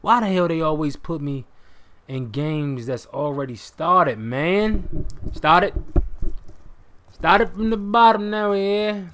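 A young man talks over his gameplay in a live, loose commentary. His voice sits a little high, and he jumps from muttering to excited yelps and curses as the match goes. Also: slow, long pauses, a little hiss or hum. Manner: excitable, swears, bursts into shouts. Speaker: gaming commentator.

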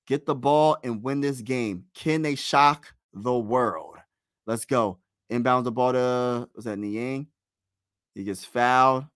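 A young man calling a basketball game live as a fan, his voice mid-pitched and dry, close to the mic. He talks loosely and excitably, pleading with players and groaning over misses. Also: smooth, no echo. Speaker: live play-by-play streamer. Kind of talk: casual fan play-by-play.

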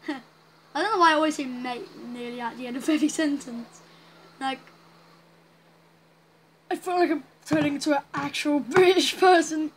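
A woman's voice: high voice, normal speed, long pauses, a little hiss or hum, poor audio. A woman giving casual, rambling commentary while playing a story game, reacting aloud as she goes. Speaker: gaming channel host. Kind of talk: casual let's-play commentary.

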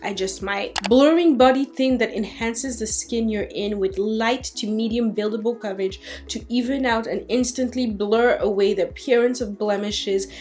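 Chatty woman beauty vlogger, higher voice. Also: normal speed, hardly any pauses, soft background music. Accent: French-tinged. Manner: chatty, excitable, talks herself out of buying. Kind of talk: casual chat to camera.

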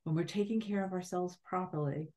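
A middle-aged woman, a podcast guest, telling a spiritual story in a soft, reflective way with many halting restarts. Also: lowish voice.

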